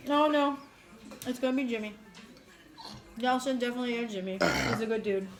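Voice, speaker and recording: A woman's voice: fairly high pitch, a little fast, soft background music, poor audio. A woman hosting a casual eating stream, chatty and swearing freely as she tells stories. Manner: chatty storyteller, swears casually, laughs often. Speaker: mukbang host. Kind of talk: casual chat while eating.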